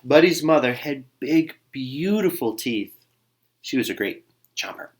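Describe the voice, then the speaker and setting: A man reads a children's storybook aloud. His voice rises and falls a great deal. He drops to hushed asides now and then. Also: medium pitch, a little slow. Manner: lively, sing-song reading with soft hushed asides. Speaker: storybook reader.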